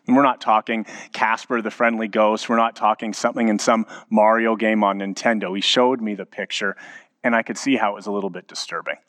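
A man in his thirties, a pastor preaching a sermon with animated storytelling, dramatic pauses and strong emphasis. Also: fairly low pitch.

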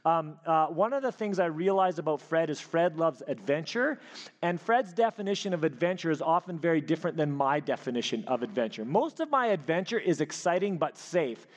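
A man preaching a sermon, telling a personal story with animated delivery and frequent restarts. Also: a little high, fairly quick. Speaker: pastor. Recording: hall reverb.

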